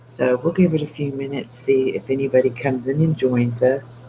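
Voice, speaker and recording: A man's voice: mid-range voice, fairly even intonation, moderate pace, few pauses, warm tone. An older man chatting casually on a late-night live stream with his dog, keeping his voice down so he won't wake the house. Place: home at night. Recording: dull lo-fi with faint hum.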